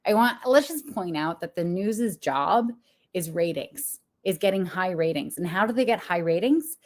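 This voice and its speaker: A young adult woman, a business coach, talking frankly and confessionally to viewers with frequent laughs. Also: medium pitch. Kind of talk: candid motivational talk to viewers.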